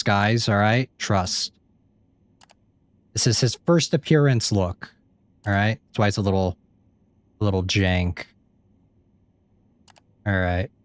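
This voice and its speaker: A man's voice: fairly low pitch, smooth, no room sound. A young man giving casual gameplay commentary, joking, self-deprecating and swearing freely. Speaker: gaming YouTuber.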